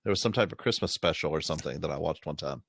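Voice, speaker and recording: A man's voice: a bass voice, animated, very fast, gravelly, fairly bright tone, no echo, studio quality. An American man with an Appalachian accent, co-hosting a casual podcast chat and explaining things at length in an easygoing way. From United States. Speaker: podcast co-host.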